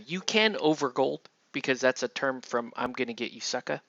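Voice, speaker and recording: A man's voice: medium pitch, animated, brisk, vocal fry, few pauses, a bit bright, muffled recording. A man chatting casually on a live stream while he paints, murmuring half to himself and talking to viewers between brushstrokes.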